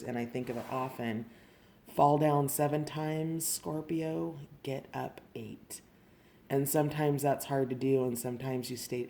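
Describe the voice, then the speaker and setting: Mellow-voiced woman reading tarot. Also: extremely low pitch, slight background noise. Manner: gentle and emotional, addresses the viewer directly. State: tearful. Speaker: tarot reader.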